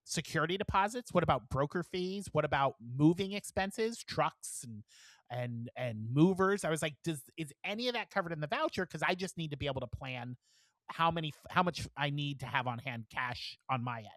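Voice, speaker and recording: A man in his forties, a podcast co-host, telling a long story in casual chat, animated, swearing and laughing as he talks. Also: fairly high pitch, brisk, no room sound, clean studio sound. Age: 40s.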